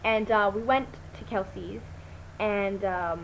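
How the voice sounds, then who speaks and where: A teenage girl talks slowly with vocal fry in a casual storytelling vlog, rambling and chatty, full of ums and restarts, now and then breaking into excited, high-pitched quoted voices. The audio is poor, with a little hiss or hum.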